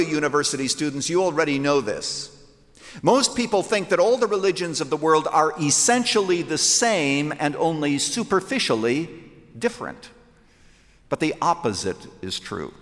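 An older man delivers a sermon in a raised, fairly high voice, with strong emphasis and rhetorical questions. He quotes scripture in old-fashioned wording. His voice carries a long reverb from a large hall. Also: a bit bright. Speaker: preacher.

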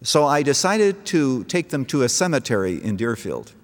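A middle-aged man preaches a sermon, moving from easy storytelling to emphatic calls. His pitch swings widely as he builds. A long echo from a large hall trails each line. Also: big pitch swings, normal speed. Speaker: pastor.

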